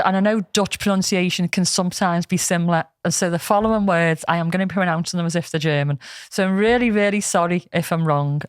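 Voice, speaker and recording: A woman's voice: lowish voice, no echo, clean studio sound. A woman co-hosting a podcast in frank, laughing casual chat. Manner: chatty, laughs often, frank. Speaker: podcast co-host.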